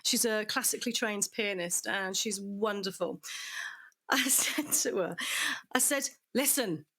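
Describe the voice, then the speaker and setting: A woman hosting a podcast in casual chat, effusive and quick to laugh. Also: mid-range voice, gravelly. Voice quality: chatty, laughs often, warm and effusive. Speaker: podcast host.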